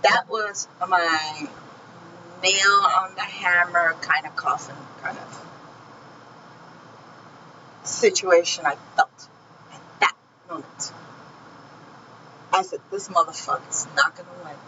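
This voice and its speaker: A woman's voice: lowish voice, fairly even intonation, slow pace, pauses often, pushed and bright, lo-fi sound, a little hiss or hum. A woman telling her own painful story in a vlog, heated and profane, speaking with raw feeling. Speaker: vlogger recounting her own experience. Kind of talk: emotional personal storytelling.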